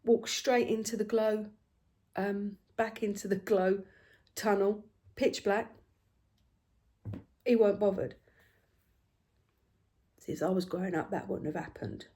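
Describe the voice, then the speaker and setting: An older woman talks while she works on her stitching, rambling through a family story in a friendly, chatty way. She moves between animated, laughing bursts and soft, hushed asides, and her pitch sits right in the middle. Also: slow pace, long pauses. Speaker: craft vlogger.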